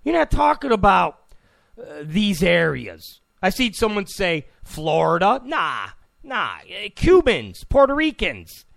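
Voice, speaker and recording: A man's voice: high-pitched, wildly swooping pitch, slow pace, vocal fry, a bit bright. A man hosting a political talk show, giving an opinionated monologue, emphatic, repeating phrases and stammering on restarts.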